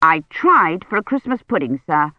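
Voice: medium pitch, very animated, moderate pace, no echo, highs cut off, natural voice. A narrator voicing an anxious, fussy male college servant who speaks fretfully and deferentially, in an audiobook.

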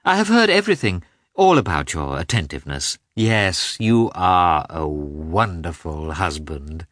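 A man reading aloud and voicing an ironic, fashionable society princess, lifting to a high, airy tone. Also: sing-song, unhurried, fairly bright tone, no room sound, studio quality, exaggerated voice. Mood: affable, ironic.

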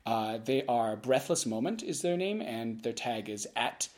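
A woman co-hosting a podcast in casual chat, halting and full of fillers, laughing often. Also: a bass voice, expressive, a little mellow. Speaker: podcast co-host.

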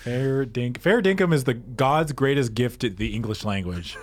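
A man's voice: medium pitch, animated, normal speed, a little hiss or hum. A man co-hosting a casual wrestling podcast, joking around and swearing freely. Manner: joking, swears often, breaks into laughter. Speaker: podcast co-host. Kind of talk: casual wrestling recap chat.

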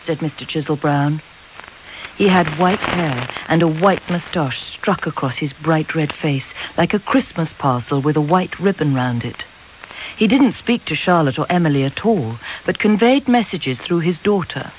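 An audiobook narrator reading a story in a measured way, slowing down for emphasis. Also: mid-range voice, animated, slight background noise, poor audio. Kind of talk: scripted narration.

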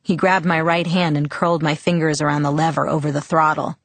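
Woman reading a novel aloud, low voice, super dry close mic. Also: little pitch movement, brisk, few pauses, dry recording. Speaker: audiobook narrator. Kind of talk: first-person novel narration.

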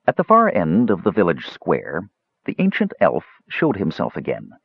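A man reads fantasy narration with dramatic expression and a lively, rolling pitch. His voice is low and husky. The recording is dry and slightly muffled. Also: moderate pace, no room sound. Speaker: audiobook narrator.

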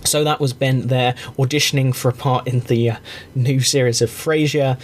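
A man's voice: medium pitch, steady tone, moderate pace, a little hiss or hum. A man from Britain hosting a podcast, speaking earnestly and rambling a little with asides. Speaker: podcast host. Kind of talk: casual podcast chat.

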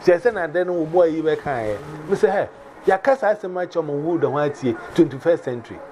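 Ghanaian man, casual storyteller, lively and laughing, slightly high voice, faint noise. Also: brisk. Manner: animated, laughing, mixes Twi and pidgin. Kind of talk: casual chat.

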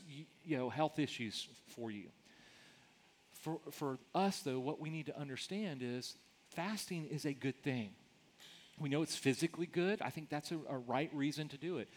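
A middle-aged pastor with a somewhat high voice preaches a sermon in a conversational style, frequently repeating words as he begins his sentences.

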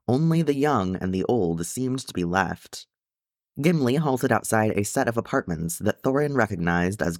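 A man narrates a fan fiction audiobook in an expressive, low voice. His pitch moves widely, and the recording is close and dry with no room echo. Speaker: reader.

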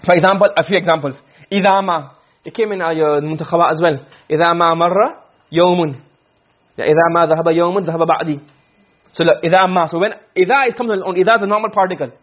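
Guy teaching a grammar class, high voice, husky, keeps asking the room questions. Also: fairly even intonation, racing, dull audio. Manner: quizzing students with frequent questions. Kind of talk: classroom lesson on Arabic grammar.

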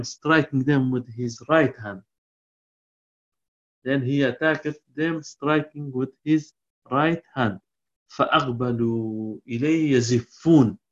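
Man teaching Quran commentary, lo-fi recording. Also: medium pitch. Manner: recites Arabic verses quickly, then explains in halting English; frequent restarts and fillers. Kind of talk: explaining lecture. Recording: dull lo-fi recording.

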